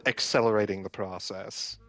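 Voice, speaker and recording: A man voicing a flustered, bookish young male healer who gives halting, stammering explanations. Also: lowish voice, steady tone, gravelly, a bit bright, soft background music, pitched below the performer's own voice. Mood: hesitant.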